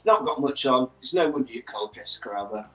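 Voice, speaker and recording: A man's voice: medium pitch, lively intonation, quick pace, roomy sound, poor audio. Man retelling a film. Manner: storytelling, acting out characters' lines. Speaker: podcast co-host. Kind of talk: casual film recap.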